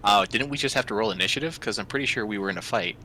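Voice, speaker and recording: A man playing in a tabletop game, chatting casually with quick questions to the game master. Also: on the low side, pushed and bright, slight background noise. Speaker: player.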